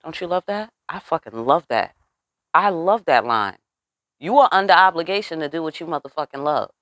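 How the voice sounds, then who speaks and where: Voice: medium pitch, animated, brisk, a bit bright, no echo. Tarot reader on a channel, mid-range voice, street-talking and profane, keeps asking "you know what I'm saying?", dry close sound. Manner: asks the listeners rhetorical questions. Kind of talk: casual spiritual reading.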